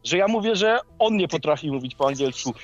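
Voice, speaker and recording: A man's voice: a little high, animated, quick pace, no echo, faint music behind. A man from Poland teasing his friends crudely in a group voice chat, mocking and laughing often. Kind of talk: casual teasing banter. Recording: dull lo-fi voice chat audio.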